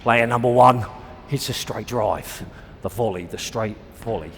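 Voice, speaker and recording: A man's voice: medium pitch, unhurried, fairly bright tone, in a large hall, slight background noise. A man coaching squash on court, explaining and demonstrating shots in a chatty, self-deprecating way. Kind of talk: on-court instructional video.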